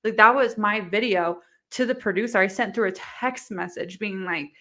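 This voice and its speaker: A woman's voice: mid-range voice, normal speed, bright, forceful tone. A young woman as an interview guest, telling a long candid story in a rambling way, full of "like" and acted-out quotes.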